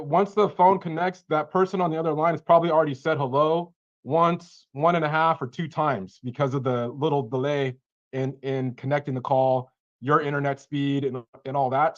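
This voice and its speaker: A man giving casual coaching feedback on cold calls over a video call, animated and acting out short lines of callers and sellers. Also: fairly high pitch, moderate pace, lo-fi sound.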